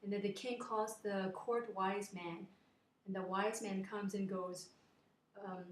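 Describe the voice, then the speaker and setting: A woman retells a fairy tale to a friend in a loose, chatty way, searching for words as she goes. Her voice sits at a middling pitch, and the room gives it a clear echo. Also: flat delivery, slow pace. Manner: chatty, rambling, with fillers and restarts. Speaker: storyteller. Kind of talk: casual storytelling to a friend. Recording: echoey room.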